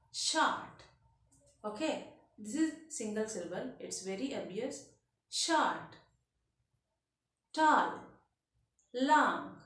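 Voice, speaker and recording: A woman's voice: a little high, distant mic. A woman teaching an English grammar lesson. She repeats each example word and keeps checking in with "okay", in non-native phrasing. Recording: very echoey room.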